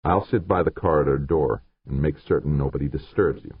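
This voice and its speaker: A man's voice: very deep voice, a little fast, slightly rough, no echo. A man narrating an audiobook voices a portly, pompous security chief. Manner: pompous, demanding. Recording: narrow phone-like sound, dry.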